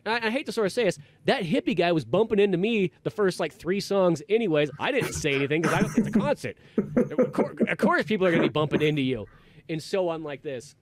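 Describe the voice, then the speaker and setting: Telling a long, casual story on his podcast, this host rambles with lots of fillers and false starts. His high voice is expressive and he talks fast, captured in a dry recording.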